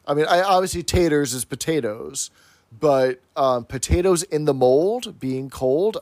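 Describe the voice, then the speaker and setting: A man's voice: a little high, animated, measured pace, darkish tone, no echo. A man co-hosting a podcast, casually recapping a sitcom episode scene by scene. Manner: recapping, plot by plot. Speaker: podcast co-host.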